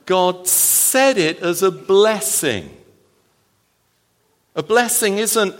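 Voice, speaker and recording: A male pastor preaching a sermon with animated, emphatic delivery and playful asides. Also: high-pitched, slow. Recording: long reverb of a large hall.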